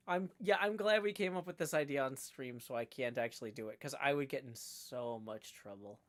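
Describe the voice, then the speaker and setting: A man's voice: mid-range voice, normal speed, a bit bright, no room sound. A man from Nashville, chatting casually on a livestream in a rambling, self-deprecating way. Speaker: streamer.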